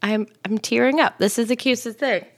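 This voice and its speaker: A woman co-hosting a casual chat podcast, gushing and excitable, quick to swoon over what she sees. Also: a little high, dry recording, clean studio sound. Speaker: podcast co-host.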